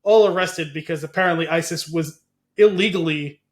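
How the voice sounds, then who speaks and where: Higher-pitched man telling a story. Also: moderate pace. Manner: rambling retelling with frequent laughs. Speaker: podcast co-host. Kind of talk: casual chat.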